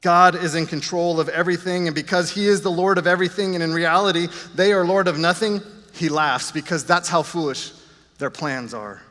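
A man's voice: fairly high pitch, steady tone, brisk, bright, forceful tone. Man, preacher, sermon, earnest, self-deprecating asides, long church reverb.

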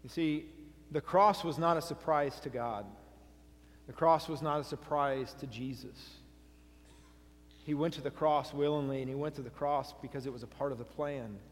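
Pastor guy preaching, a bit high voice, big echoey church hall, asks the crowd stuff. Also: fairly even intonation, moderate pace. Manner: earnest, asks the congregation questions, reads scripture aloud. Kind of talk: sermon. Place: church sanctuary. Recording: long hall reverb.

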